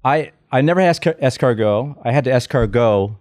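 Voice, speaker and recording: A man telling funny stories as a guest on a podcast, self-deprecating and quick with a joke. His pitch swings all over the place, and the studio sound is close and dry. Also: dry recording. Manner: joking, self-deprecating, animated storyteller. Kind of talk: casual comedic chat. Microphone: studio microphone.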